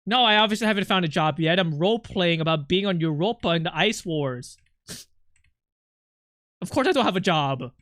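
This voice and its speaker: A man's voice: high-pitched, animated, normal speed, pauses often, a bit bright, no echo. A male streamer who is not a native English speaker, chatting playfully with viewers, teasing and swearing freely into a close mic. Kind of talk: casual live-stream chat.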